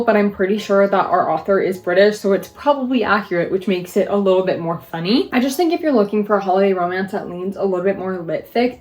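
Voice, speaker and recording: A young woman talking straight to camera in a relaxed book review vlog. Her pitch sits in the middle range, and she talks in a chatty, opinionated way, leaning hard on words and firing off rhetorical questions when something annoys her.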